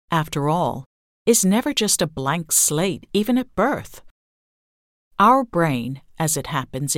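Low-voiced woman reading an essay. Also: dry recording, studio quality. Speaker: narrator reading an essay aloud. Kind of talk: scripted narration.

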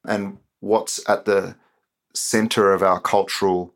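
A man, a poet being interviewed, talking in a reflective, measured way. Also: sits low, level tone. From Australia. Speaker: poet and author, interview guest. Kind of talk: conversational interview.

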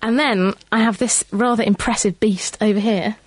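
A woman co-presenting a live radio science show, brisk and friendly. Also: mid-range voice, fairly even intonation. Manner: brisk and friendly reading of listener answers. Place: radio studio.

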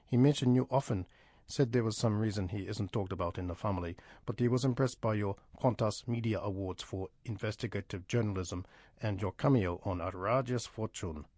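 An actor playing a formal, insistent scam caller who keeps pressing for a code. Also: male voice, lowish voice, fairly quick, darkish tone, dry recording, clean studio sound, natural voice. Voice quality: formal, insistent, repetitive pleading. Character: persistent male scam caller posing as executor. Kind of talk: comedic phone prank sketch.

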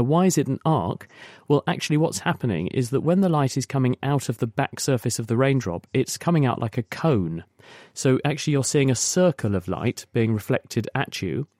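A man's voice: mid-range voice, lively intonation, moderate pace, a little mellow, dry recording, studio quality. A man explaining science on a radio call-in show, patiently and at length. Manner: explains patiently in long spoken sentences with restarts. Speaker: science expert guest.

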